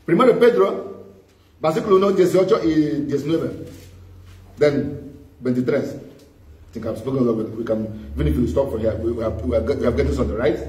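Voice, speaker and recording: A man's voice: mid-range voice, fairly quick, long pauses, a little mellow. A man preaching a sermon as pastor, prompting his congregation with call-and-response questions. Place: church hall. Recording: echoey church hall, distant mic.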